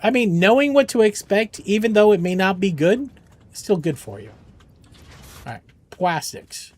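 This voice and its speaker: A man's voice: sits high, lively intonation, moderate pace, a little mellow. A man streaming games for charity, chatting with viewers in a joking, rambling, reassuring way. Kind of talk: casual chat with viewers.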